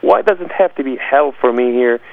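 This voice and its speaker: A man's voice: mid-range voice, lively intonation, fairly quick, no room sound. A man giving an emphatic, dramatic personal testimony as an interview guest. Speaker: guest telling his testimony. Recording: dry, phone-like lo-fi sound.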